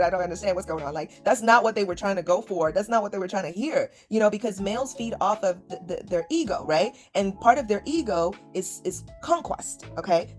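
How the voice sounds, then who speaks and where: A woman giving reaction commentary in a mocking, scornful way, repeating her points. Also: mid-range voice.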